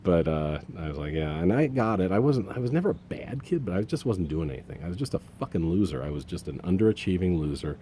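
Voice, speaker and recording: A man in his fifties with a low, deep voice rambles and curses his way through a vlog. He holds his phone in his hand outdoors, and faint ambience hums behind him. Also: expressive, fast, few pauses, warm tone, a little hiss or hum. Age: 50s. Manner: exasperated, profane, rambling. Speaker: vlogger. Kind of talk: casual vlog monologue. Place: outdoors in the rain, then under a roof and a tree. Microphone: handheld phone.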